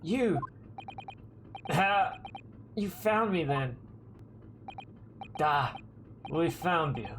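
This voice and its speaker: A man voicing a gruff male Russian sailor interrogating a stowaway, with a put-on Russian accent and stiff, broken phrasing, over game music. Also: fairly high pitch, animated, very slow, long pauses, noisy background. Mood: menacing.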